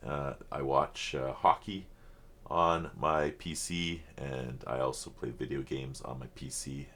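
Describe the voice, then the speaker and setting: A man's voice: a bass voice, steady tone, unhurried, fairly bright tone, a little hiss or hum. A man hosting a reaction video, talking casually in a rambling, apologetic and earnest way at his home computer setup.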